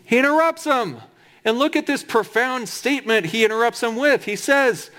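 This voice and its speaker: A man's voice: very high-pitched, moderate pace, a bit bright. A man preaching a sermon in a conversational, humorous way, with emphatic asides.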